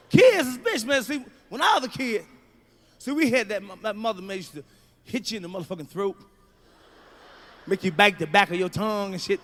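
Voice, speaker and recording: A man performing a loud, profane stand-up routine, telling childhood stories and acting out the people in them. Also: extremely high pitch. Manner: loud, profane, storytelling with acted-out voices. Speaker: stand-up comedian. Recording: archival stand-up clip.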